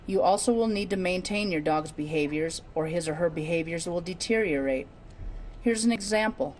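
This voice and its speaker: A woman narrating a training video in a calm, measured, scripted reading. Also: lowish voice, a little hiss or hum.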